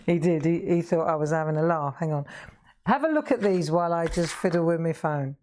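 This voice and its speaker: A woman's voice: deep voice, a little fast, a little mellow, a little hiss or hum. A middle-aged woman chatting casually to viewers while crafting live, laughing often. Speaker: craft livestream host.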